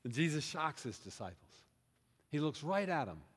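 Pastor guy preaching, voice kinda high and really expressive, big echoey church sound. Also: normal speed, husky. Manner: animated storytelling, first-person plural, questions to the congregation. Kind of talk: sermon, vivid retelling. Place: church sanctuary. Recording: reverberant hall.

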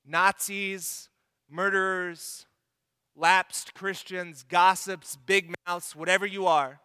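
A man preaching a sermon as pastor, earnest, swelling to emphatic peaks and then falling quiet and soft. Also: high voice, fairly even intonation, slow, smooth, no room sound, clean studio sound, long reverb tail.

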